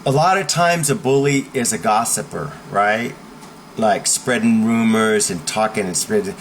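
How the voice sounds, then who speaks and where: A man's voice: fairly low pitch, expressive, normal speed, gravelly, noisy background. A man teaching how to stand up to bullies, speaking emphatically and checking in with the listener with a frequent "okay?". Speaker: self-help teacher. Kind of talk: instructional talk.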